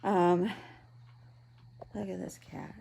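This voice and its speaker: A woman in her thirties talking in a personal video diary from home, halting and tearful, with many pauses and ums. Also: fairly low pitch, flat delivery, creaky, dark tone, breathy edge. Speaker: vlogger, patient. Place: at home, in bed.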